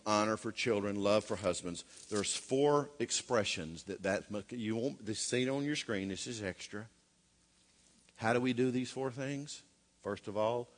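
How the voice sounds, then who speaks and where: A middle-aged man preaching a sermon in a folksy way, with joking asides and rhetorical questions. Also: on the low side. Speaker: pastor.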